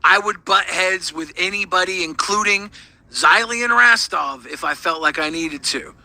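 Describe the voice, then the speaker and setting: A man's voice: high voice, moderate pace, bright, forceful tone, no room sound, poor audio. A man on a live stream talking provocatively with swagger, calling people bro. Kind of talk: casual live-stream chat.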